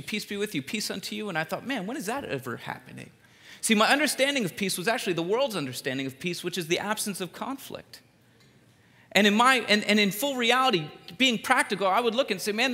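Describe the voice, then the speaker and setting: Gravelly bright-voiced man preaching in a hall. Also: high-pitched. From Philadelphia area, USA. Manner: animated storyteller, quick jokes, repeats words. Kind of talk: sermon with personal stories. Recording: reverberant hall.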